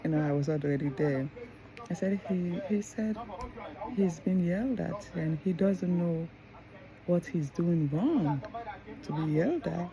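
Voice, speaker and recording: A woman with a gravelly, creaky voice talks to camera as a mother telling her own stories. She rambles, restarts and drifts into asides. Loud crowd chatter runs behind her. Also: on the low side, a little slow, poor audio. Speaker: mother and vlogger. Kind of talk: casual monologue to camera.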